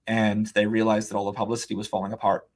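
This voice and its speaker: On an interview podcast, a man whose voice sits on the low side speaks fast while telling a long story. He's a guest who writes and illustrates, and he recounts things casually and animatedly, voicing what others said and using plenty of "um" and "like."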